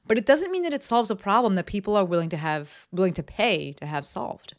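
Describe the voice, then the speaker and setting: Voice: mid-range voice, expressive, brisk. Jersey-raised podcast host rambling casually from a home office, lots of um and like, middle voice. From East Coast US, New Jersey. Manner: chatty and candid, frequent ums and likes, casual swearing. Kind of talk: casual solo business podcast.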